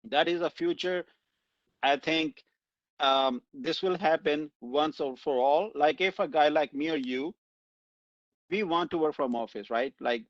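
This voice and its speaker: A man hosting a conversational interview, talking in a relaxed, rambling way with many fillers. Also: a little high, unhurried, dry recording, highs cut off. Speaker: podcast host.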